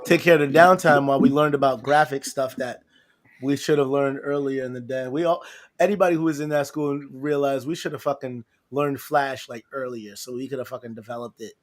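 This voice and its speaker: A man co-hosting a podcast, telling loud, laughing stories to friends and swearing freely. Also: mid-range voice, steady tone, fairly quick. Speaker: podcast co-host. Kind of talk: casual chat with friends.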